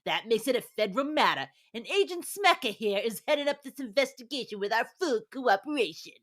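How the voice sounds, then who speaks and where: A woman's voice: a little high, lively intonation, a little fast. A woman co-hosting a casual movie-review podcast, speaking in a teasing, wry way. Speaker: podcast co-host.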